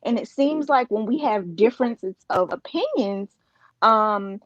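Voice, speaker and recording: A woman's voice: a little high, expressive, measured pace, no room sound, lo-fi sound. A woman on a discussion panel, speaking earnestly and emphatically, with frequent restarts. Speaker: panel guest.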